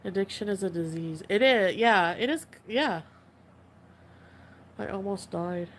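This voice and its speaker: A woman in her thirties talking casually to camera, halting and indifferent, repeating herself. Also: medium pitch, a little hiss or hum. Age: 30s. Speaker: streamer in a played clip.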